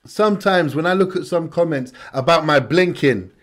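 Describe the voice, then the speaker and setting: A man hosting a music reaction video, talking casually in slang with excited bursts of hype. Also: fairly high pitch, moderate pace. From United Kingdom.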